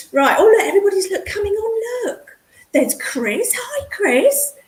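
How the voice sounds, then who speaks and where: High, animated woman hosting a chatty live stream, echoey room. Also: unhurried. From English Midlands. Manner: excitable, chatty, calls viewers darling and hun. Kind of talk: casual livestream chat with viewers. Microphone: computer mic on a streaming setup.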